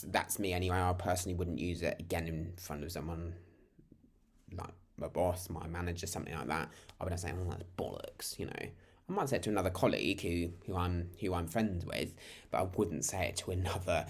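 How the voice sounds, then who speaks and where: A British man with a very low voice gives a relaxed, informal lesson straight to camera. He rambles in a friendly way and often restarts his sentences as he talks. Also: fairly quick. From United Kingdom. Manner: chatty, rambling, full of restarts. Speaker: language teacher.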